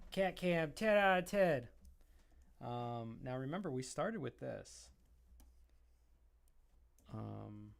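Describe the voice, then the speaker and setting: A man's voice: medium pitch, vocal fry. A man live-streaming his drawing, rambling casually and chatting fondly to his cat between remarks about the work.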